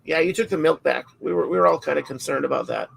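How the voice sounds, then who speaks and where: A man hosting a casual livestream, relaxed, reading out viewer questions and moving between guests. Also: on the high side, fast, vocal fry, slightly rough. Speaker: livestream host.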